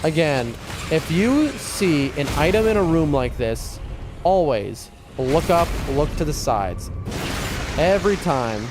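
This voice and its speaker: A man's voice: on the high side, very animated, slow pace, over music. A man streaming a game from his room at home, chatting loosely with his viewers in a rambling way. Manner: chatty, rambling, talks to chat and his cat. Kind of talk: casual live-stream chat.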